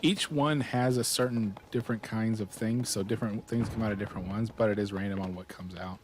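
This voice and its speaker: A man's voice: on the low side, fairly even intonation, fairly quick, a little hiss or hum. A man co-hosting a casual gaming podcast, easygoing and dry, mostly chiming in with short agreements. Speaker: podcast co-host.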